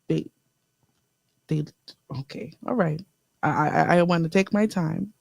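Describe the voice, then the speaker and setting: Gravelly-voiced woman radio host. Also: sits low, no room sound, studio quality. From the Bahamas. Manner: lively, talks straight to listeners, repeats key lines slowly. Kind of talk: inspirational radio talk show. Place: radio studio.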